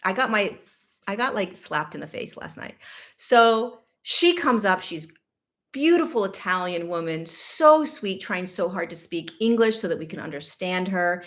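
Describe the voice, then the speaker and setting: Woman host, middle-aged, animated and candid storytelling, chatty asides. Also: medium pitch, measured pace. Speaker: podcast host. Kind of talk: personal storytelling.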